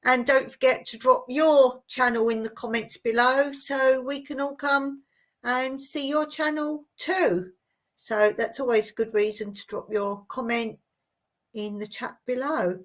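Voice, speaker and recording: Slow-talking southern English woman. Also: high-pitched, steady tone. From Surrey, England. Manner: chatty, repeats words, laughs often. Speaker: livestream host. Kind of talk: casual live-stream chat.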